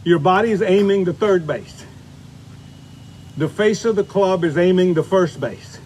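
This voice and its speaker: An older man with a somewhat high voice gives a golf lesson outdoors. He talks in a folksy, chatty way and keeps pointing students to what he is demonstrating. Faint noise hums behind him. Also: unhurried, a little mellow. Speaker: golf instructor.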